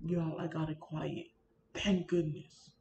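A woman's voice: sits low, flat delivery, slow pace, gravelly, warm tone. Chatty young woman vlogging, roomy lo-fi sound. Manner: chatty, complaining, keeps addressing viewers as y'all. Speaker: Sims content creator. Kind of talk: casual screen-recorded gaming vlog. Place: indoors at a computer. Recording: roomy, dull built-in mic with faint fan noise.

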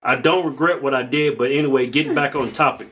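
A man in casual comedic banter, joking crudely, loud, and breaking into laughter often. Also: medium pitch, steady tone, fast talker. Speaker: comedy vlogger.

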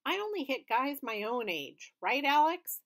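A woman's voice: high voice, sing-song, unhurried, fairly bright tone, pitched above the performer's own voice, heavily acted. A woman doing a tough bossy schoolgirl. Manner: bossy, blunt. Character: tough bossy schoolgirl who punches boys.

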